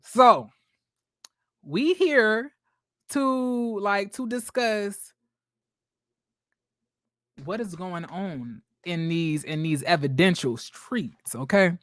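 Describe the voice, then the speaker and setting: A woman's voice: medium pitch, drawn-out words, long pauses, dry recording, studio quality. A woman in her twenties hosting a casual livestream, chatty and sassy, greeting viewers by name. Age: 20s. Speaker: livestream host.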